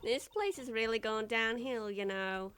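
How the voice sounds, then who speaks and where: A woman's voice: on the high side, measured pace, fairly bright tone, smooth. A woman voicing a grouchy, chatty old woman security guard who scolds and gossips, reading game dialogue. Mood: gossipy. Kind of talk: video game voice-over reading.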